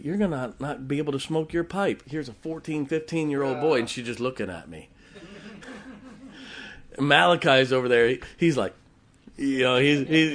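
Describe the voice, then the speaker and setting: Middle-aged preacher guy from ohio, mid pitch, tells folksy stories then gets loud and punchy. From Canton, Ohio. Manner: swings from loud emphatic preaching to quiet chatty storytelling; folksy, frequent fillers and restarts, chuckles. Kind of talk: storytelling sermon.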